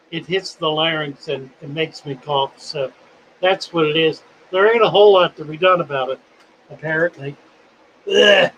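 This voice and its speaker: Brief: phlegmy man in his seventies, folksy rambling host, bright tone, unhurried. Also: a little high, slight background noise, rough recording. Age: 70s. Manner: folksy, rambling, self-deprecating. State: phlegmy, coughing. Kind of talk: casual livestream chat.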